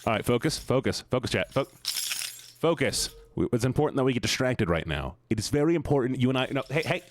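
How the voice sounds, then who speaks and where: A young man streaming and chatting casually with viewers, rambling, swearing and breaking into sudden high-pitched outbursts. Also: animated, fast talker, noisy background. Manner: rambling with restarts, talks to chat. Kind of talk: casual live-stream chat while gaming.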